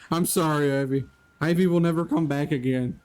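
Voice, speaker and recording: A man live-streams a video game, chatting casually with viewers, laughing often, and addressing people in chat by name. His voice is a little high with a darkish tone, at a moderate pace.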